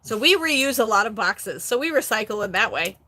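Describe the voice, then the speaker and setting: A middle-aged woman hosting a casual live stream, chatty and quick to laugh as she reads viewer comments aloud. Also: a little high, expressive, bright, forceful tone. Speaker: host, online reseller.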